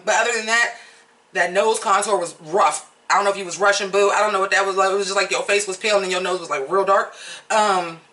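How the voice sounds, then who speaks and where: A chatty, outspoken American vlogger talking through opinions in a loose, candid way and swearing freely. The voice is bright and a little sharp, and it sits some distance back from the mic. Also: medium pitch. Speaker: vlogger reviewing a reality show. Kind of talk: casual commentary.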